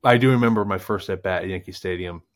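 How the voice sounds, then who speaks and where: A man's voice: sits low, fast talker. A man in his thirties, a former baseball player co-hosting a podcast, telling stories in a casual chat. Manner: storytelling, animated anecdotes.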